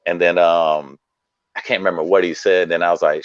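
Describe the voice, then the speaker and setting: A man's voice: sits low, flat delivery, fairly quick, dry recording, lo-fi sound. A man telling stage stories in casual chat as a guest comedian, laid-back and acting out quoted lines, heard over a video call.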